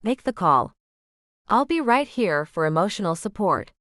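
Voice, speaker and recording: A woman's voice: mid-range voice, big pitch swings, normal speed, a bit bright, no echo, clean studio sound. A woman reading the lines of an encouraging, bossy young female friend in an audiobook, coaxing and reassuring.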